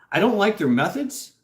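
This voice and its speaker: A man hosting a casual livestream, reading out chat and rambling with laughs, swears and lots of fillers. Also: high-pitched. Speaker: host reading live chat. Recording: roomy echo.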